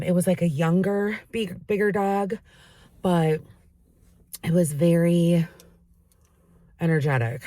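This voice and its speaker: A woman chatting casually while driving, rambling from one errand to the next and talking to her dog in a high baby voice. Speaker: vlogger. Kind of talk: casual car vlog chat. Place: inside a car while driving. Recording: steady car road noise.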